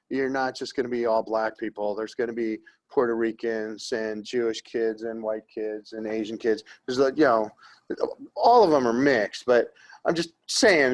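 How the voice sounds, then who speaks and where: A middle-aged man teaching an art history class in a classroom, rambling and joking as he talks. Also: mid-range voice. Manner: rambling, conversational, jokey.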